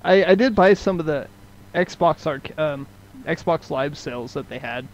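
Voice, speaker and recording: A man's voice: fairly high pitch, a little slow, poor audio. A young American man chatting casually on a podcast, laid-back and hesitant with ums. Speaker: podcast co-host. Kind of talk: casual chat.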